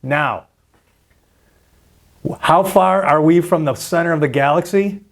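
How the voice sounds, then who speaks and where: A man's voice: fairly high pitch, slow pace. A man hosting a trading video, walking viewers through a screen graphic, getting worked up and often repeating himself. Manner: animated, repeats and restarts, gets worked up. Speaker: trading channel host. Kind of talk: excited screen-share explainer.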